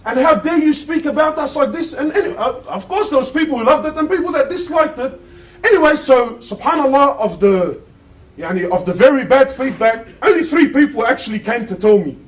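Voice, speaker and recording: A man's voice: extremely high pitch, recorded from a distance, poor audio. A man giving an impassioned sermon, firing rhetorical questions at his listeners. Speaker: preacher giving a Friday sermon.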